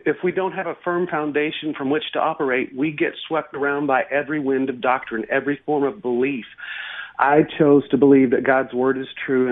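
Earnest man on a tinny phone line. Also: mid-range voice. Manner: earnest, preacherly. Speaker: guest. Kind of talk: personal testimony in an interview. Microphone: telephone.

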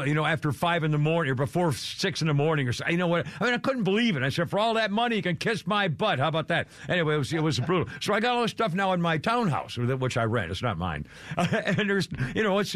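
A man's voice: fairly high pitch, fairly bright tone, dry recording. An older man hosting a radio show, chatting casually in a rambling, exasperated, self-deprecating way.

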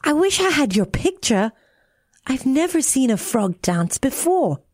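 A woman voicing a weepy, sulky little girl in a storybook reading, in a high, pleading tone. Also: sing-song, unhurried, darkish tone, no echo, clean studio sound, full character voice. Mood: amused.

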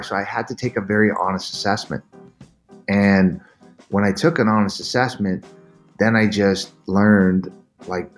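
A middle-aged man, a podcast guest and endurance athlete, telling his story in an earnest, animated way and acting out quoted lines. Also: on the low side, normal speed, soft background music. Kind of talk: candid storytelling interview.

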